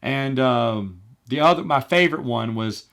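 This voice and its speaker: A middle-aged man tells stories from his old job in a relaxed, chatty monologue. He is animated and wry, with exasperated asides, and he slips into other voices when he quotes people. His voice sits at an ordinary pitch for a man. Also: unhurried, creaky. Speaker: podcast host. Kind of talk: casual storytelling monologue.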